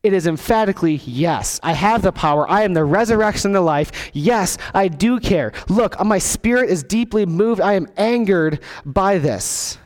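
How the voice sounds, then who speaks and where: A man preaching a sermon as a pastor, earnest, dropping quiet and low to stress key words. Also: lively intonation, normal speed, few pauses. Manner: acts out quoted voices in the text.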